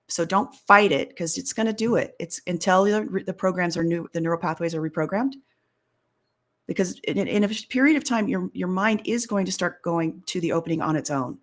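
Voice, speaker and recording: A middle-aged woman hosting a coaching show, talking a caller through his fears in a lively, hands-on way. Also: fairly low pitch. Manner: animated, acts out inner voices. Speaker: fear coach and host. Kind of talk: live coaching session.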